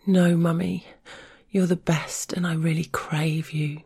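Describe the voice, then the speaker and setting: A woman voicing a whiny, submissive young woman who pleads in a breathy whisper in a spoken audio story. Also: lowish voice, flat delivery, takes it slowly, mellow, pitched above the performer's own voice, heavily acted. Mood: pleading.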